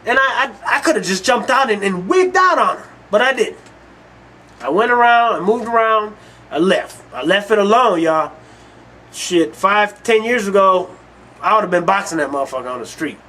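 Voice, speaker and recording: A man's voice: high-pitched, lively intonation, moderate pace, pushed and bright. A man hosting his own online show, delivering a heated, profane ranting monologue and telling stories. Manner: heated, cursing, storytelling.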